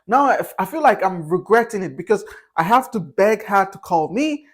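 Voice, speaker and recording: A young vlogger with a notably high voice gives a loose, unscripted monologue of his opinions, candid and rambling from point to point. He keeps restarting sentences and plugs gaps with "uh" and "you know," using lively intonation at a moderate pace.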